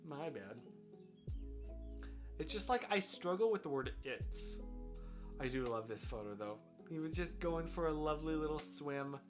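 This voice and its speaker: American man, casual live-stream chatter, rambling, slightly higher voice, faint lo-fi music behind. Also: expressive, normal speed. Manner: rambling, self-deprecating, thinking aloud.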